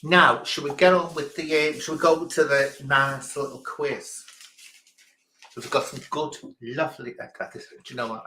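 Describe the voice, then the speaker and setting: A man's voice: mid-range voice, normal speed, bright, forceful tone. A man hosting a quiz on a livestream in casual chat, theatrical and grand in a self-mocking way, calling his listeners darling. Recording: echoey room.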